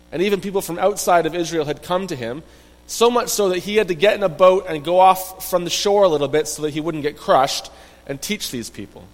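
A man telling a Bible story to children in an animated, conversational way, often asking his listeners questions. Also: high voice, long reverb tail, rough recording. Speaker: Bible teacher.

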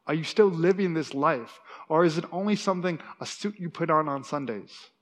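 Man, sermon, church sanctuary, long echoing reverb, slightly high voice, acts out quotes. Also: moderate pace. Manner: animated, acts out quotes, many restarts. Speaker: pastor.

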